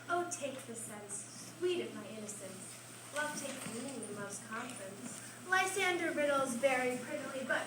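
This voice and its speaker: A coy, affectionate young woman, as a woman plays her, with a high, bright voice and playful verse. The sound is echoey and far from the microphone, with background noise. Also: lightly acted. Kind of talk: amateur stage acting. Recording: echoey stage recorded from far off, noisy.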